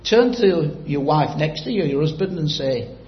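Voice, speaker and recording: Lively, echoey preacher man. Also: a little high, normal speed, dull audio. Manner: storytelling, quizzing the congregation directly. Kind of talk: sermon.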